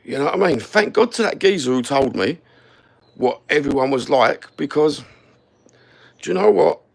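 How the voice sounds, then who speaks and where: A man's voice: mid-range voice, animated, normal speed, creaky. A man ranting to camera, blunt, sweary and heated, standing while he films himself. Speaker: YouTube content creator. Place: standing somewhere, filming himself.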